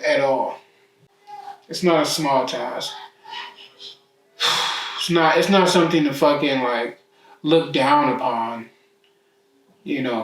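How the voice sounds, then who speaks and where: A man rambles raw and profane in slow, drawn-out speech, his voice fairly high for a man. He sounds set back from the mic, with the echo of a bare room around him. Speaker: vlogger. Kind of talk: emotional self-talk vlog. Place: living room at home. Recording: roomy echo, mic far off.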